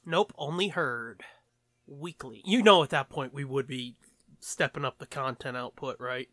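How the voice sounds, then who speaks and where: A man's voice: mid-range voice, unhurried, a bit bright, dry recording, clean studio sound. A man co-hosting a podcast in casual chat, rambling and joking, swearing freely and laughing often. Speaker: podcast co-host.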